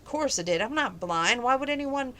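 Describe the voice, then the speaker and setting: A woman's voice: high voice, animated, fairly bright tone, slight background noise, voice pushed up. A woman reading as a feisty honky-tonk owner. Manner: brash, quick comebacks.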